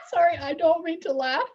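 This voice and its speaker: High lively woman on a dull line. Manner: supportive listener with short replies. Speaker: podcast co-host. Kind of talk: casual chat.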